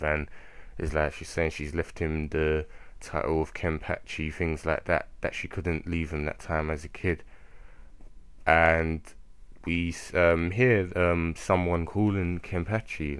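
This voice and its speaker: A man's voice: extremely low pitch, flat delivery, moderate pace, fairly bright tone, clean tone, no echo. A young man giving a casual spoken review of a manga chapter, rambling with lots of fillers and self-corrections.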